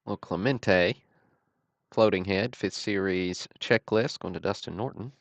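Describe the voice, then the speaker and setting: The host of a card-break livestream calls out trading cards one after another in a steady, matter-of-fact manner, dropping dry self-deprecating asides. His voice sits low and is creaky, a little slow, with no echo.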